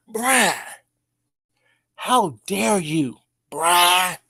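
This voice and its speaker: A YouTuber ranting in a call-out vlog, loud and profane, taunting, repeating a name mockingly and swinging between shouts and low mutters. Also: lively intonation, drawn-out words, slightly rough.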